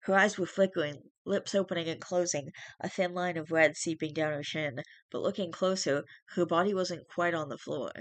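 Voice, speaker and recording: A streamer reading a first-person horror story aloud in steady narration, with small restarts. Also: medium pitch, normal speed, few pauses, no room sound.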